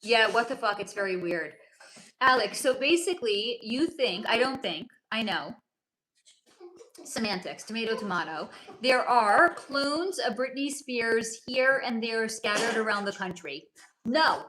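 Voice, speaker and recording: A woman hosts a casual livestream and answers viewer comments one after another. Her voice is bright, forceful and sits a little high. She speaks bluntly and swears freely, and the room echoes around her. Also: animated, measured pace, a little hiss or hum. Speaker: livestream host.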